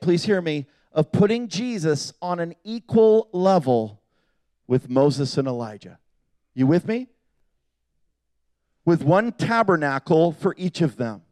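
A man preaching a sermon with passion, swinging from loud appeals to hushed, quiet asides. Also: fairly high pitch, no room sound.

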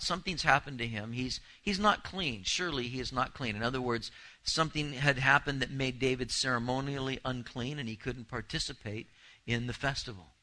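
Male pastor, bright forceful voice, animated sermon delivery with restarts and repeats. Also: mid-range voice, low-quality recording. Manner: animated, repeats words when thinking aloud. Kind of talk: expository sermon.

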